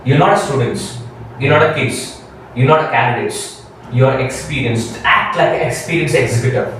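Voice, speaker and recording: A man in his forties with an Indian English accent, giving an animated, emphatic classroom lecture as a career trainer. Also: medium pitch, normal speed, a little hiss or hum. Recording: very echoey room, voice from far off.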